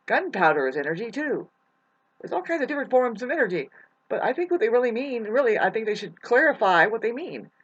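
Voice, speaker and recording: A speaker giving a rambling, preachy monologue, often stopping to correct themselves. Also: medium pitch. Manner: wandering, self-correcting, preachy. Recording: dull lo-fi recording.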